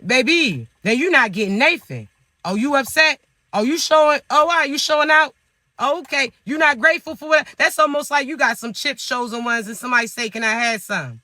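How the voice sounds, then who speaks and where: A man's voice: very high voice, lively intonation, a little fast, bright, forceful tone, no echo. A man giving spiritual advice in a monologue, scolding the listener with teasing rhetorical questions. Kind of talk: motivational monologue to viewers.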